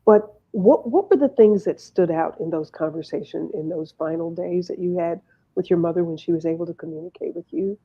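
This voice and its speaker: A woman hosting an interview, asking measured, probing questions. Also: fairly low pitch. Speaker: interview host. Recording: muffled, lo-fi sound.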